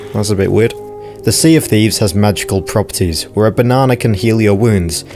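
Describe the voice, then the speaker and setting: Brief: lore narrator, man, low voice, dry jokes, soft music under him. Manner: wry, joking asides. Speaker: video game lore narrator. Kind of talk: casual scripted narration.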